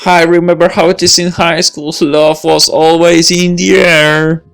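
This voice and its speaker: A woman voicing a gentle, fond old grandfather while reading a visual novel aloud. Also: lowish voice, level tone, vocal fry, faint music behind, voice pushed up. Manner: slow, fond, grandfatherly delivery.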